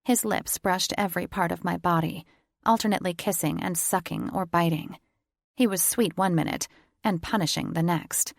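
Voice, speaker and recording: Woman audiobook narrator, romance, lower pitch, gravelly fry, dry close mic. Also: normal speed, dry recording. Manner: intimate, teasing first-person reading.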